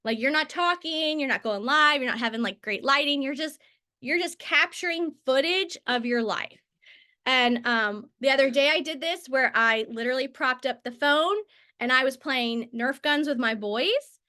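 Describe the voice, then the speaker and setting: A woman's voice: high voice, normal speed, sharp tone. A woman in her thirties giving a casual training talk on selling through social media, chatty and full of tangents and filler words. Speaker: network marketing trainer.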